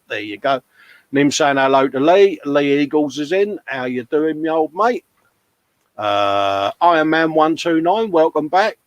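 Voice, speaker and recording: A man's voice: fairly high pitch, dry recording. Matey male host, casual live-chat patter, dry close-miked sound. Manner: chatty, matey, laughs often. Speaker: host of a live modelling show.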